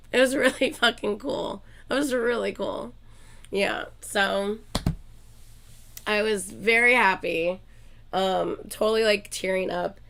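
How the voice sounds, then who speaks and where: A woman hosting her own channel, chatting casually to viewers in a gushing, excitable way and swearing often. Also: mid-range voice, slow, creaky, pauses often. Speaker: reaction channel host.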